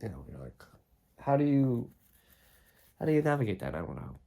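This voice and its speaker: This vlogger is a young man with a mid-range, dark voice, vocal fry and big pitch swings, talking fairly quickly. Congested and throaty, he muses aloud in a meandering, filler-filled way on a phone mic, lying on his side and later standing.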